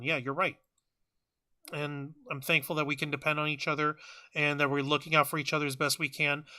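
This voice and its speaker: A man's voice: on the high side, pushed and bright, smooth. A male podcast host talking casually on a live show, rambling with many fillers and restarts. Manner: rambling, many fillers and restarts, then rapid scripted sign-off.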